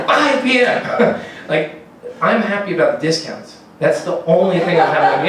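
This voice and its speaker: A man's voice: sits high, very animated, moderate pace, a bit bright, slight background noise. A man doing a rambling, profane stand-up comedy set on a comedy club stage, laughing at his own jokes. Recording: very echoey room, distant mic, faint ambience.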